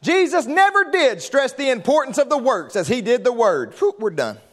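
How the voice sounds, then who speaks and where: High-voiced fervent preacher man. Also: big pitch swings, moderate pace. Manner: fervent preaching that builds to shouted call-and-response. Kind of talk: sermon. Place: church sanctuary.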